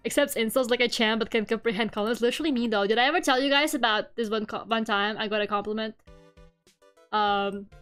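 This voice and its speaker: A young woman with a high voice chats to her stream chat, self-mocking and quick to laugh. Quiet music plays faintly behind her. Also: clean tone. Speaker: VTuber streamer.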